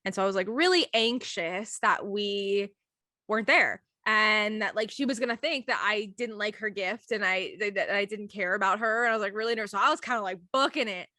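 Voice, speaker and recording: A woman's voice: medium pitch, brisk, no room sound, studio quality. A young woman co-hosting a casual chat, telling a story animatedly and acting out the people she quotes. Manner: animated, acts out quoted voices, giggly. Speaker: podcast co-host.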